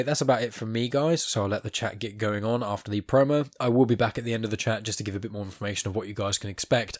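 Fast-talking podcast host. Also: male voice, fairly low pitch. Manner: chatty, rambling with restarts. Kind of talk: casual podcast chat.

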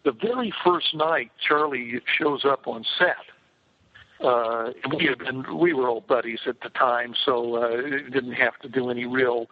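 A man's voice: medium pitch, steady tone, a little slow. An older man, a film director, telling rambling behind-the-scenes stories with lots of fillers and restarts. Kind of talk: casual anecdotal storytelling. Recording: tinny phone-like line.

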